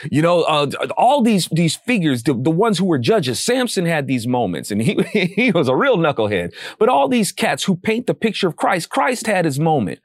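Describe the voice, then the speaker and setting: A man speaking about faith with a lively, swinging pitch and a slightly high voice. His delivery is casual and preacher-like, dropping into slang. The sound is close and dry. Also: normal speed, few pauses, no echo.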